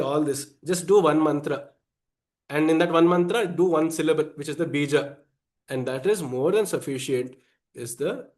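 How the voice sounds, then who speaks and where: A man's voice: fairly high pitch, a little mellow. A man teaching the meaning of a Sanskrit hymn, rephrasing each point and mixing in Sanskrit words. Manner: explanatory, repeats and rephrases, Sanskrit terms mixed in. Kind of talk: explaining a devotional hymn.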